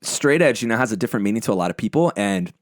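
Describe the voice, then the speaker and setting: Young man, low voice, blunt, intense, swears a lot, casual podcast talk, dry close sound. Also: lively intonation, very fast, no echo. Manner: blunt, heavy swearing, intense emotional storytelling. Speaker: podcast guest, band lead singer. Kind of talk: candid casual conversation.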